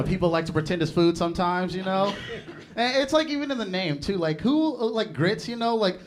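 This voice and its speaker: A young man performing stand-up comedy, chatty and laughing at his own jokes. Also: a little high. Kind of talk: stand-up set.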